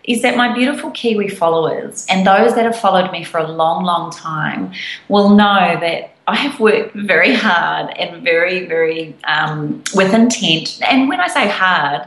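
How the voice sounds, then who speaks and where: A woman co-hosting a podcast, telling a story in a gushing, excited way. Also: fairly low pitch, measured pace. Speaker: podcast co-host. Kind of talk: casual chat. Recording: roomy echo.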